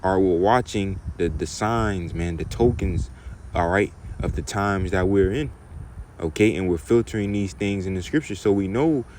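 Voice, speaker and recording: Deep-voiced man teaching scripture. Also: slight background noise. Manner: repeats "man" and "okay?" as tags, reads verses slowly and loudly. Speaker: preacher.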